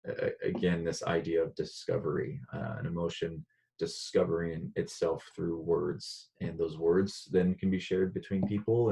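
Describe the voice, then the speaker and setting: Deep-voiced man teaching a lesson. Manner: relaxed, conversational, frequent "uh" fillers. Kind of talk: recorded online lesson.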